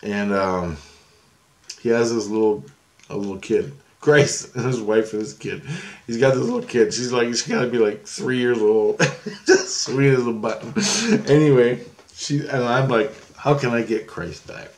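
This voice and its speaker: A man with a gravelly, creaky voice at a middling pitch, rambling through a story to camera. He laughs as he talks and keeps losing his thread. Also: fairly even intonation, a little slow. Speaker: vlogger.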